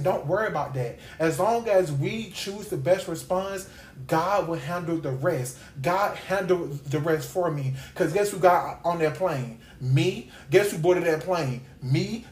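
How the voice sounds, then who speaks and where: A woman's voice: fairly low pitch, darkish tone. A woman hosting a podcast Bible study, teaching in an informal devotional style with an emphatic, repetitive preaching cadence. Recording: echoey room.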